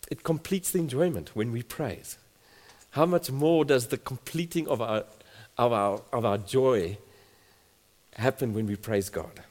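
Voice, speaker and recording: A man's voice: mid-range voice, a little slow, darkish tone. A man preaching a sermon, reading scripture emphatically and building in volume. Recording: long hall reverb.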